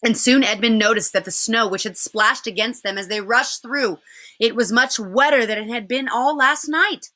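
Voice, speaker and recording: A woman teacher reading a children's novel aloud in an expressive way. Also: on the high side, normal speed.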